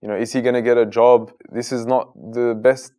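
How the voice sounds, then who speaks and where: A man's voice: mid-range voice, flat delivery, fairly quick, warm tone, smooth. Earnest man telling his story. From Australia. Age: 30s. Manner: earnest, conversational, many "like" fillers. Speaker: interview guest. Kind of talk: personal storytelling interview.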